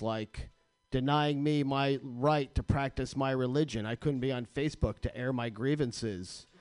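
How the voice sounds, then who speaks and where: A man's voice: mid-range voice, no room sound. A man hosting a radio show, ranting with crude, sarcastic comedy in a studio.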